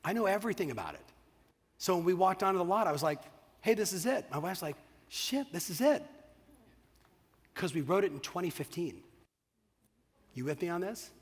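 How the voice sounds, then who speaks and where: A middle-aged man giving an energetic, profane motivational keynote on stage, often checking in with the audience. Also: high voice, brisk, pauses often, husky. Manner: energetic, profane, asks the crowd "you with me?". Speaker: keynote speaker. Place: large hall on stage. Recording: long hall reverb.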